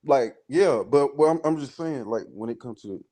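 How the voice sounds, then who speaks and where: Halting, lively-voiced man co-host. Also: mid-range voice. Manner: halting, searching for words. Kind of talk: casual live-stream chat.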